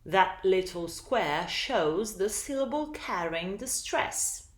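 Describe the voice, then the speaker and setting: Slow, lively woman teaching. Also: mid-range voice, reverberant. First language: Italian. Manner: slow, deliberate teaching delivery. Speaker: English teacher. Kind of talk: recorded lesson narration.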